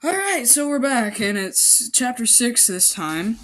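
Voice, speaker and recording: A woman reads a fan-written story aloud in a loose, casual way. She keeps interrupting herself with silly asides and corrections, mixing the narration with playful commentary. It sounds like a rough homemade recording. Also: on the high side, very animated, unhurried, fairly bright tone, a little hiss or hum. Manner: goofy, breaks off to joke and correct herself. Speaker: amateur story reader.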